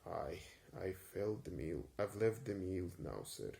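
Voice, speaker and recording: A man voicing an old Yorkshire mill hand in disguise, speaking slowly and haltingly in an attempted Yorkshire accent. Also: low voice, expressive, vocal fry, mellow, full character voice. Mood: wheedling.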